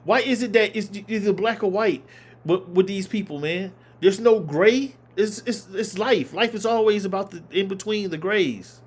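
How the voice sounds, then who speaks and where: High-voiced man ranting. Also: normal speed, husky. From Southern United States. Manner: emphatic, repeating points for force. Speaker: reaction video host. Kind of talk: opinionated commentary.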